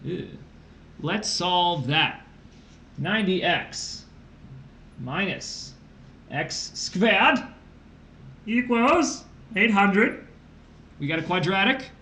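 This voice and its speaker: A man's voice: high-pitched, expressive, slow pace, pauses often, sharp tone. A man with a slightly raised voice walks through a math problem step by step, dropping playful asides as he teaches a streamed test-prep lesson. The room is echoey, with a faint hiss underneath. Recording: roomy echo.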